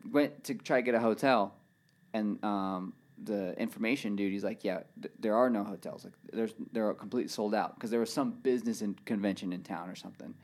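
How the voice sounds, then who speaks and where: A man's voice: lowish voice, a little fast. A man telling a rambling travel story in casual chat, full of "like" and "dude". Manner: rambling, animated, says "dude" and "like" a lot.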